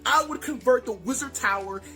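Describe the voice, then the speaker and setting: A woman's voice: on the high side, a little fast, sharp tone, faint music behind. Woman playing a boastful half-elf archmage. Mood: smug. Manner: boastful, theatrical, stammers when worked up. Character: pompous greedy male half-elf archmage. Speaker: tabletop game player. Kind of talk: comic in-character campaign speech.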